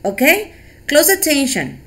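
Female English teacher, slow patient delivery, animated. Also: sits high. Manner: slow, encouraging, repeats words for pupils. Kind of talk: online class instruction.

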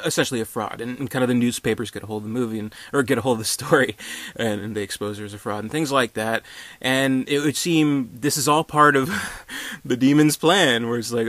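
A man talks through a movie review in an offhand, rambling way, stumbling over restarts and slipping in dry sarcasm. His voice sits at an ordinary middle pitch. The recording is close and dry, with no room sound. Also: steady tone, brisk, fairly bright tone, no echo. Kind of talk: casual spoken review.

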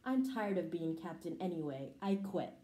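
A woman's voice: lowish voice, expressive, normal speed, warm tone, lightly acted. A woman reading a storybook aloud, voicing a boastful, bossy male mouse leader who blusters and gives orders, in an echoey room. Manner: blustering, commanding. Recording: roomy echo.

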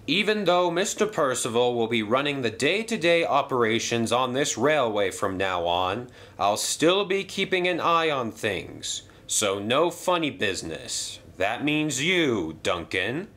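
A man's voice: mid-range voice, sing-song, a little slow, few pauses, a bit bright. A man voicing a formal, authoritative older male railway boss in a toy train story.

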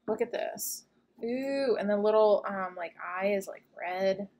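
A woman's voice: mid-range voice, unhurried, darkish tone. A woman hosting a casual unboxing video, chatty and gushing, with lots of fillers as she looks over each item. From United States. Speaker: unboxing channel host.

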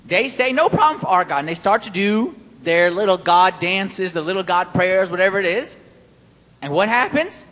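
A man preaching a sermon-style Bible study, animated and playful, quizzing his listeners. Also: sits high, long reverb tail.

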